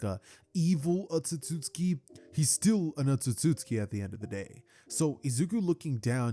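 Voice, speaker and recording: A man's voice: medium pitch, dark tone. A man hosting his channel, telling a what-if fan story in a casual, rambling way full of fillers. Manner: chatty, many fillers like "like" and "kinda".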